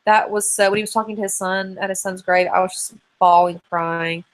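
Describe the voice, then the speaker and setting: Hosting a live video hangout, a woman in her thirties rambles casually through viewer questions with many fillers. She talks fairly quickly in a medium-pitched, fairly even voice.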